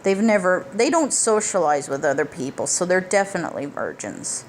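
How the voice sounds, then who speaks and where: A woman's voice: on the low side, big pitch swings, moderate pace, a little hiss or hum. A woman giving a casual plot recap of a film as a reviewer, blunt and profane, with emphatic asides. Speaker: movie reviewer.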